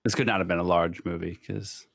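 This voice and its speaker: A man's voice: low-pitched, steady tone, brisk, creaky, fairly bright tone, no room sound, clean studio sound. A man co-hosting a podcast, making teasing and sarcastic remarks in casual chat. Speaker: podcast co-host.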